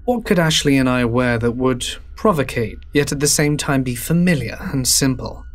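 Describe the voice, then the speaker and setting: A man narrating a horror story in a low, hushed, drawn-out delivery. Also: lively intonation.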